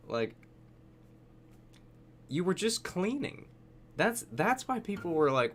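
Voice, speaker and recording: Sarcastic man streaming with lively pitch. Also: measured pace, long pauses, slight background noise. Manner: sarcastic, laughing, talking back at the video. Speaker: streamer reacting to a video. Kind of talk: casual live-stream commentary.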